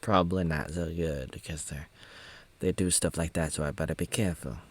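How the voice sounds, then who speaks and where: A man's voice: a bass voice, steady tone, brisk. A man in his thirties from Oregon in the United States, giving a casual, rambling, jokey recap of a movie with sing-song asides. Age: 30s. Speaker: video maker recapping a film.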